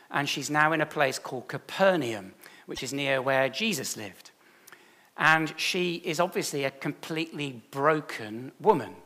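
A man's voice: a little high, sharp tone. A man, a church leader giving a chatty, self-deprecating sermon full of stories.

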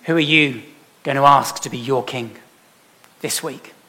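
A man preaching a sermon emphatically, putting rhetorical questions to his congregation and swinging from loud to soft. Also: medium pitch, measured pace. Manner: emphatic, with dramatic swings in loudness. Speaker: pastor.

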